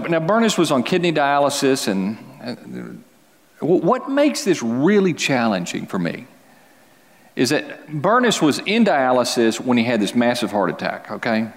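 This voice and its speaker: A man's voice: mid-range voice, very animated. Earnest male pastor preaching in a reverberant hall. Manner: earnest, conversational preaching with frequent restarts and dramatic pauses. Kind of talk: sermon. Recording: long reverb of a large hall.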